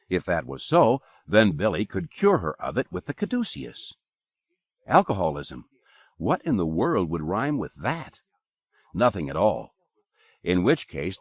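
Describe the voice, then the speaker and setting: Deep-voiced man reading an audiobook. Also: dry recording. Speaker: audiobook narrator. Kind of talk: audiobook narration. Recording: dull lo-fi cassette recording.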